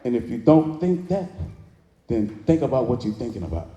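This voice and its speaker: Dark-voiced man speaking in hall. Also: medium pitch, sing-song, normal speed. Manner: preacherly call-and-response, drawling Southern phrasing. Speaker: motivational speaker. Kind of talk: live inspirational speech to an audience. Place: large hall with audience. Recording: echoey hall, reverberant.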